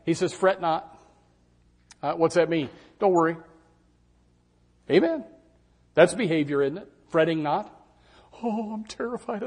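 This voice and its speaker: A man's voice: a little high, husky. An older man preaching a sermon, often acting out doubters' replies in a raised voice. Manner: animated, acts out congregants' doubts in raised voices.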